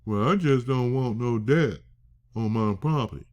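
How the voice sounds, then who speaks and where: A man's voice: mid-range voice, unhurried, darkish tone, highs cut off, close to an everyday voice. A man doing a stubborn, whiny skeptical client. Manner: whiny, repeating himself. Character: stubborn skeptical male client wanting no debt.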